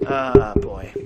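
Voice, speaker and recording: A young man hosting a gaming channel, ranting angrily and swearing, swinging from low mutters to shouts, his mouth sore. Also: noisy background. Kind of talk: angry vent to camera.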